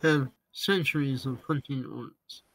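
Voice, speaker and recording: A proud dwarf warrior speaks of his kin in a solemn, unhurried voice, as a man puts him on. He is stern and sure of himself. Each phrase is spoken slowly and weightily. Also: medium pitch, vocal fry, a bit bright, low-quality recording. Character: proud male dwarf orc-hunter, stern.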